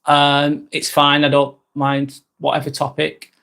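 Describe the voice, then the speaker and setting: A man's voice: on the high side, monotone, a little slow, gravelly, sharp tone. A man with a Lancashire accent and a slightly sore throat, chatting casually on a live stream, rambling and repeating himself as he reads out comments. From England.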